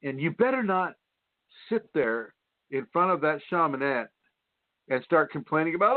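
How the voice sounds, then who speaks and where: A man hosting a spiritual radio talk show, teaching in an animated way, mimicking whiny voices and laughing often. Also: a little high, normal speed, long pauses, no echo. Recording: tinny phone line, dry.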